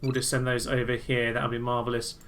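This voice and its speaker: A man's voice: medium pitch, completely flat delivery, fairly quick, fairly bright tone. A man giving casual, chatty commentary over a strategy game, with cheery self-deprecating asides. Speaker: gameplay commentator. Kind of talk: casual let's-play commentary. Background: game music underneath.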